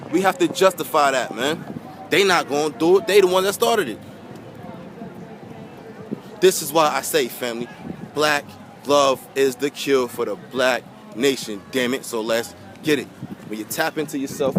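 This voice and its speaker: A man giving an impassioned, emotional monologue to camera outdoors by a pier, preachy and repetitive, swearing and calling his viewers family. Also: medium pitch. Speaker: vlogger. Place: outdoors by a pier near water. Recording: outdoor wind and water noise.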